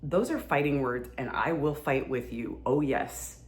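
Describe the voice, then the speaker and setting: A woman's voice: a bass voice, unhurried, reverberant. A woman acting out an adult woman in an exaggerated demonstration of moods. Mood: irritated. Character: adult woman swinging from gushing joy to irritation.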